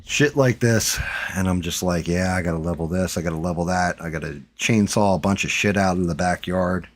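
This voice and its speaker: A man with a very low voice hosts a livestream, chatting in a loose, rambling way. He swears freely and keeps the talk relaxed and offhand. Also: brisk. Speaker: livestream host. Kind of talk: casual chat.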